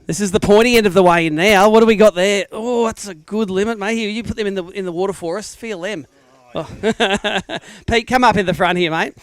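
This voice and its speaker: Fast-talking Australian emcee, high voice. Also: male voice, clean tone, no echo. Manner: energetic, matey banter with anglers. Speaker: tournament emcee. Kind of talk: live weigh-in commentary. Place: outdoors at a lakeside weigh-in.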